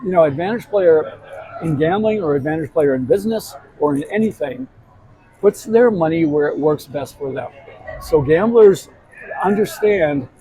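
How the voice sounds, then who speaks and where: Mellow-voiced man telling a gambling story. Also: on the high side, moderate pace, poor audio. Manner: animated anecdotes with many restarts and asides. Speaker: show host and gambling expert. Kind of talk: casual storytelling chat. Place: live show at a casino hotel.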